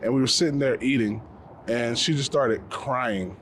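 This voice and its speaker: A man telling stories outdoors in a relaxed casual chat, swearing and repeating words as he goes. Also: mid-range voice, normal speed, a little hiss or hum. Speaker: podcast co-host on a fishing trip. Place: outdoors by water.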